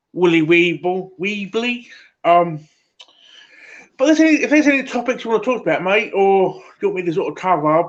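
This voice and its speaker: A man with an Essex accent talks to his stream chat in a loose, halting ramble, stacking fillers and tossing "mate" into nearly every sentence. His voice sits a little high for a man, and the audio is muffled and lo-fi. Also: fairly bright tone. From England. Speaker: livestream host. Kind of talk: casual live-stream chat.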